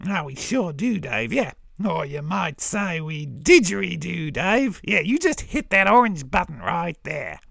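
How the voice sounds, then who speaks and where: Man playing a gravelly fake-Australian crow, slangy and chummy. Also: high-pitched, big pitch swings, measured pace, few pauses, fairly bright tone, voice pushed up, heavily acted. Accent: put-on Australian. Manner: chummy, slangy, keeps saying the host's name. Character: cheery fake-Australian orange crow, male.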